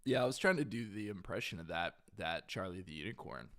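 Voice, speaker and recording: A man's voice: low voice, lively intonation, fairly quick, a bit bright, dry recording, clean studio sound. A young man hosting a livestream in casual chat, rambling, trailing off and correcting himself as he remembers. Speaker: livestream host.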